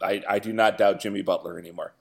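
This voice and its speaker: A man co-hosting a sports podcast, excitable, often restarting mid-sentence. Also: lowish voice, quick pace, creaky. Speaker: podcast co-host. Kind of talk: casual sports banter.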